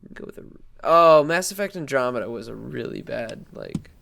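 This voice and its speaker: Gravelly, laughing podcast co-host man. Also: medium pitch, fairly quick, slight background noise. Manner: laughs often, easily excited. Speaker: podcast co-host reading listener questions. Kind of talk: casual chat.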